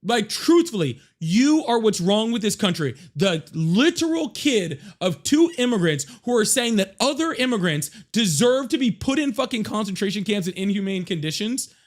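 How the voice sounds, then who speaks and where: A man hosting a live political debate, angry and profane, shouting and repeating himself insistently. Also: high voice, sing-song, normal speed, few pauses. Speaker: livestream debate host. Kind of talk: heated live political argument.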